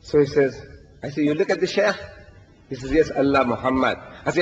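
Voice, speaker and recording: A man's voice: medium pitch, fairly quick, long pauses. Older male preacher in an echoing hall. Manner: storytelling, animated, quotes Arabic verses. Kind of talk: lecture to an audience. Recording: dull lo-fi recording, long hall reverb.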